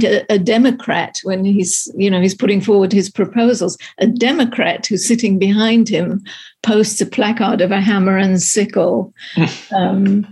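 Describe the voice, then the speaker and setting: A film critic reviews a movie on a radio show, her medium-pitched, slightly mellow voice carrying a breathy edge. She is from abroad, two countries outside America, and her casual chat is wry, amused, and talkative.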